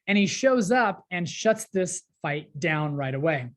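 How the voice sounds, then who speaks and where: A woman teacher walks through a play in a relaxed, chatty way. She retells the lines in modern slang, and her voice sits low. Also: a little slow. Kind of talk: casual classroom explanation.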